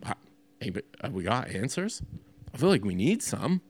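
A man's voice: mid-range voice, very animated, brisk, darkish tone, husky. A man preaching a sermon as a pastor in a loose, conversational way, with many fillers and restarts.

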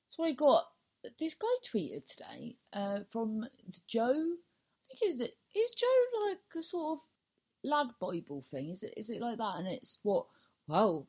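A woman's voice: on the low side, mellow, rough recording. Chatty rambling woman in her thirties. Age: 30s. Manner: chatty, self-mocking, swears, trails off and restarts. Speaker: podcast host. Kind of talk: casual rambling monologue.

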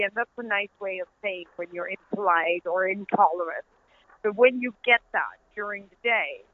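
Speaking at a medium pitch in a dry, tinny phone-line recording, a middle-aged woman from the Netherlands with a Dutch accent chats as an interview guest. The author tells her stories earnestly and laughs easily throughout the conversation.

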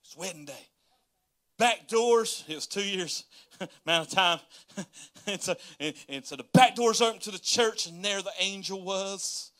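Pastor in his thirties, bright and animated, chatty livestream sermon. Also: sits high, a little slow. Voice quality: folksy, laughing, storytelling, animated.

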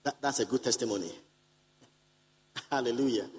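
Preaching to a live audience in a conference hall, a man calls out to the congregation and says key lines more than once to drive them home. He speaks at normal speed in a mid-range, darkish voice, and the audio quality is poor.

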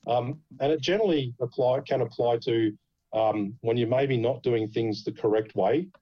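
A man's voice: medium pitch, normal speed, lo-fi sound. Swearing Australian man telling stories. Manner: swears freely, laughs through his stories. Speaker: podcast host. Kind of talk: casual podcast storytelling.

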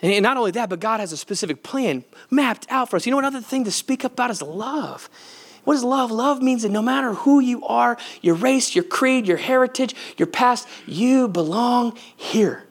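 Male pastor, very high voice, earnest conversational sermon delivery. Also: expressive, moderate pace. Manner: earnest, conversational preaching with direct questions to the audience.

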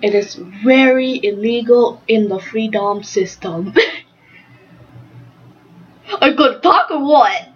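A woman playing a chatty young female unicorn in an improvised interview, earnest and a bit halting. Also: a little high, highs cut off. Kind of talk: improvised role-play interview.

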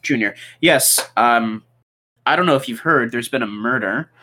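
A player in a tabletop game, improvising in character and tripping over restarts. The voice has a bright, tense edge. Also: medium pitch, a little hiss or hum. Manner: flustered, improvising, halting restarts.

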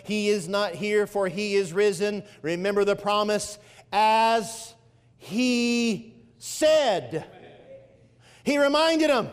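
A man with a notably high voice preaches from the pulpit, leaning hard on key phrases and drawing them out. His words ring through a church sanctuary with a long reverb trailing behind. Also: clean tone. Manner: preaching with swelling emphasis and drawn-out phrases. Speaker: pastor. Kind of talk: sermon.

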